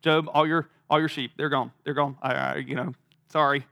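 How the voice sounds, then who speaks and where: A man voicing a servant who blurts out disastrous news in short, halting bursts. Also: on the high side, fairly even intonation, bright, forceful tone, no echo, clean studio sound. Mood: frantic. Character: frantic male servant bringing bad news.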